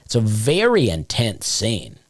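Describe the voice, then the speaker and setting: Smooth baritone guy rambling thru a funny story on his podcast, dry close sound. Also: wildly swooping pitch, measured pace, no room sound. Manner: wry, rambling, self-deprecating. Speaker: comedian and podcast host. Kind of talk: casual storytelling chat.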